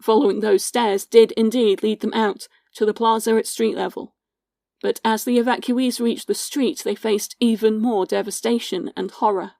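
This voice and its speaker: A woman hosting a podcast, giving scripted history narration in a measured, sombre storytelling manner and reading out witness accounts. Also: a little high, steady tone, gravelly, warm tone, dry recording, studio quality. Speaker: podcast host.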